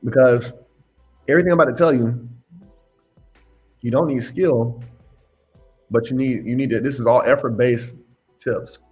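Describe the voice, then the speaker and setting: A man's voice: mid-range voice, normal speed, long pauses, a little mellow, faint music behind. A man hosting a live question-and-answer stream, giving blunt, emphatic advice and scolding his viewers. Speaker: host answering live questions on insurance adjusting.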